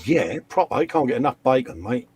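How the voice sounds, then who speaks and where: A husky-voiced man chats casually on a live hobby stream. He reads viewer comments aloud, teasing and joking along the way. His voice sits at an ordinary middle pitch. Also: sing-song, fairly quick, a little mellow, no echo. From England. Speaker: host of a live model-building stream. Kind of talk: casual live-stream banter, reading chat.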